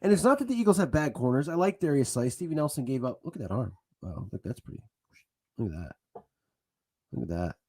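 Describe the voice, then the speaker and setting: A man ranting angrily as a football fan, swearing and bursting into shouts between sarcastic retellings. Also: mid-range voice, sing-song, brisk, husky. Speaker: sports vlogger. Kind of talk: angry fan rant.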